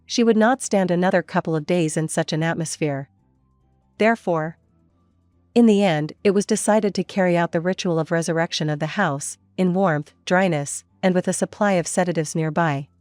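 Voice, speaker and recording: Female narrator for a read-aloud story: low register, dry delivery, soft music bed. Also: normal speed, dry recording. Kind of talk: scripted fan-fiction narration.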